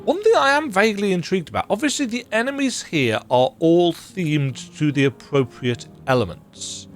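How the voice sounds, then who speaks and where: A man's voice: high-pitched, animated, moderate pace, soft background music. A man casually commenting on a game he is playing, reading dialogue aloud in a playful, jokey way. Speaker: gaming video creator.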